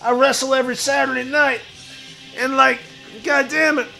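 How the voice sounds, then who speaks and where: A man playing a crude, boastful washed-up pro wrestler who talks about himself in the third person and shouts his lines. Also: very high-pitched, little pitch movement, normal speed, soft background music, exaggerated voice. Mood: swaggering bravado. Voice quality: gravelly, shouty bravado. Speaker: streamer in character. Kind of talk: improvised comedy stream.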